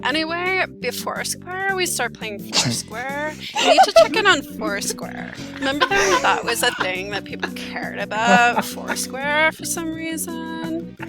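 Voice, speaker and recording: A woman's voice: high-pitched, big pitch swings, a little slow, over music. A woman voicing a snarky, bored cool kid in a comedic fanfiction reading, dismissive and offhand.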